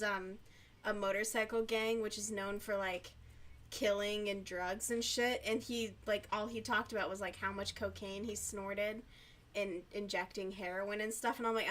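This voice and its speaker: A woman streamer chatting casually while she crochets, giggly, youthful-sounding and quick to swear. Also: medium pitch, a bit bright.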